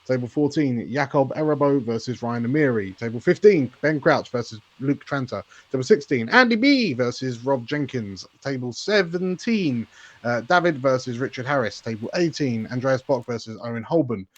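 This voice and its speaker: A man's voice: medium pitch, animated, moderate pace, no echo. Man reading a list, muffled dry sound. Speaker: guest reading the tournament draw.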